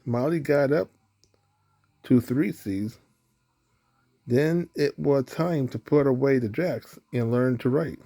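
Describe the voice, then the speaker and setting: Gravelly man reading a picture book. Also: mid-range voice. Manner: slow, even storytelling. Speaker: storybook reader. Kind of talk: reading a children's book aloud.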